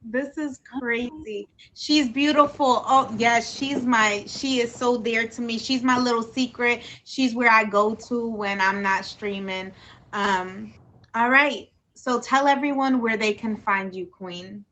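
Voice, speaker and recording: A woman's voice: fairly high pitch, steady tone, unhurried, pushed and bright, highs cut off, a little hiss or hum. A woman hosting a casual livestream talk show, effusive and emotional, calling out to her viewers and gushing over her guest.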